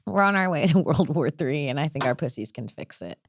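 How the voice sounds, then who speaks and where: A woman's voice: low-pitched, expressive, a little fast, slight background noise. A woman comedian hosting a casual podcast, brash and rambling, often laughing at her own jokes.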